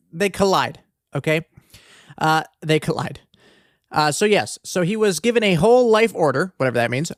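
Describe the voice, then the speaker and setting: A male podcaster talks loosely and crudely, drifting off into jokes and tangents as he works through a true-crime story. His voice sits a little high for a man. The sound is close and dry from a desk microphone. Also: no room sound. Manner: rambling, profane, joking asides. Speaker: podcast host. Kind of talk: casual comedic true-crime podcast monologue. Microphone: desk podcast mic.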